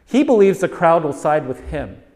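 A man's voice: on the high side, sing-song, moderate pace, darkish tone, big-room sound. A man preaching a sermon, driving his points home with repeated phrases and rhetorical questions. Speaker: pastor.

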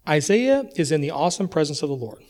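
A man's voice: a little high, big pitch swings, fast talker, a little mellow. A man with an American accent preaching a sermon in a church, talking conversationally and often checking in with his listeners. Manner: conversational, checks in with frequent "okay?".

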